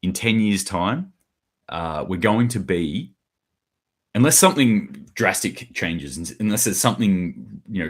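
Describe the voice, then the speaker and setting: A middle-aged man hosting a solo news commentary, blunt and sarcastic, acting out quotes in mock voices. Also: deep voice.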